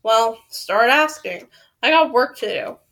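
A woman reading aloud and voicing a stubborn male school janitor in a flat, dismissive way. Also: a little high, a little slow. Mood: curt.

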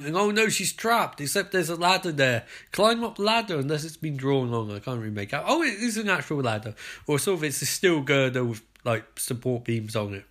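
A British man hosting a podcast, giving an excitable, sarcastic, sweary running commentary on a show. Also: a little high. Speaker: podcast host.

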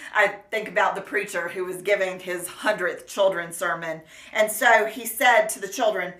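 A woman preacher delivering a sermon in an earnest, measured and gently emphatic way. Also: mid-range voice. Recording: roomy echo.

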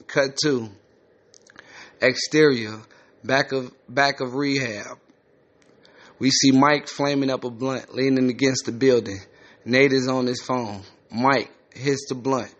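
A man's voice: mid-range voice, steady tone, takes it slowly, fairly bright tone. A man reading a screenplay aloud, with plain, matter-of-fact stage directions, on a slightly muffled lo-fi recording. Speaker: script reader.

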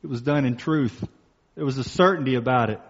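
A male pastor preaching a sermon, emphatic, slowing down and repeating key phrases for stress. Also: mid-range voice. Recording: muffled sound with long reverb in a hall.

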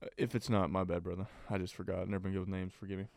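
A man's voice: low voice, flat delivery, racing, creaky, a little mellow, dry recording, clean studio sound. A man co-hosting a sports podcast in casual chat, rambling with lots of fillers. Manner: rambling, filler-heavy, laughs easily. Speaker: podcast co-host.

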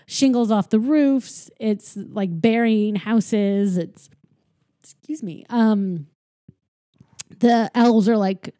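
A woman's voice: medium pitch, mellow, no room sound, clean studio sound. A woman casually recapping a movie with a co-host, rambling and sarcastic with many fillers. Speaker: podcast co-host.

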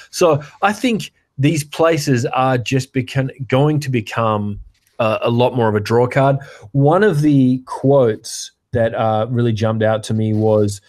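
A man's voice: mid-range voice, a little mellow. Rambling thirty-something man chatting. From Australia. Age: 30s. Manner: chatty, rambling, frequent restarts, playful rants. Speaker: podcast co-host. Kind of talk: casual chat.

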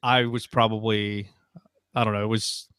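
A man's voice: lowish voice, level tone, moderate pace, fairly bright tone, clean tone, no echo. Guy in his 30s rambling, says like a lot, dry close mic. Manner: rambling, lots of fillers and likes. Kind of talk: casual chat.

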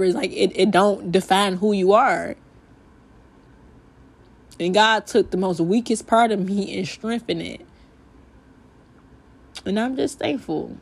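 An emotional young woman talks on her faith podcast, close to tears. Her delivery is heartfelt and loose, full of "like" and repeated phrases. She ends up praying aloud. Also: mid-range voice. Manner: heartfelt, repetitive "like", ends in spoken prayer. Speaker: podcast host.

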